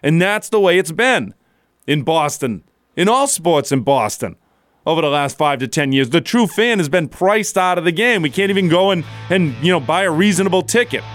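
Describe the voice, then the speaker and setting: A man's voice: fairly high pitch, animated, moderate pace, fairly bright tone, no room sound, soft background music. Opinionated male sports radio host. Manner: blunt and opinionated, chuckles mid-sentence. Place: radio studio.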